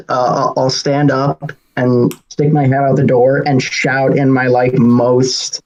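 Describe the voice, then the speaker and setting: A man playing a tabletop game, asking measured questions in casual play. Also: mid-range voice, flat delivery, a little mellow, low-quality recording. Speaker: player.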